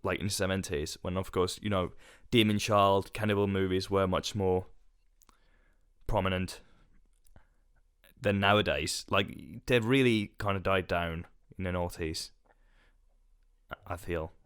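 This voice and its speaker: Giggly young podcast co-host, lowish voice. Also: male voice, steady tone, measured pace, long pauses, a bit bright, clear, resonant tone, no room sound, clean studio sound. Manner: giggly, jokey, trails off into restarts. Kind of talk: casual chat.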